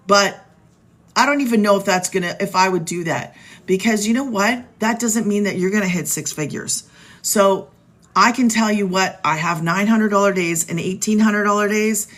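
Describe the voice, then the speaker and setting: A woman's voice: mid-range voice, fairly bright tone. Chatty upbeat woman selling on a live stream. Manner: chatty and upbeat, talks straight to viewers, reads out their names. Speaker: live stream host selling online business programs. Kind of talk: casual live stream pitch. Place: home. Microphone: phone.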